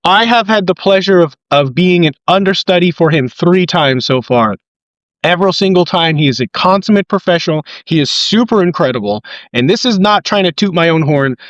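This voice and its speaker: Man, podcast host, excitable storyteller, slightly high voice, lo-fi dry recording. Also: brisk, dry recording. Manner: excitable storyteller, quoting people with big jumps in pitch. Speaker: podcast host and ring announcer. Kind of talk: casual podcast conversation. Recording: dull lo-fi dry mic.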